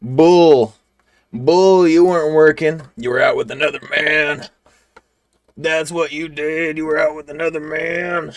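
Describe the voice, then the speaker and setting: A man voicing an angry, jealous middle-aged father who shouts accusations in a horror game he is playing. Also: fairly high pitch, flat delivery, normal speed, few pauses, voice pushed up. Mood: angry, accusing. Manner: shouting accusations, loud and raised.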